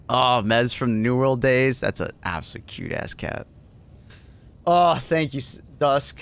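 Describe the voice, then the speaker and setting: Guy streamer chatting away, cracks up a lot, swears casually, mid pitch. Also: animated, slow, vocal fry. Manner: laughs often, loose and chatty, swears casually. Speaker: livestreamer. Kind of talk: casual livestream chat.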